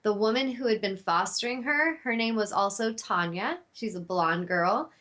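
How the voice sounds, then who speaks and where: A woman's voice: medium pitch, normal speed, a bit bright. Host, woman: heartfelt spiritual storyteller, mid-range voice, loose and rambling. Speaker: talk show host. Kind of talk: personal storytelling monologue.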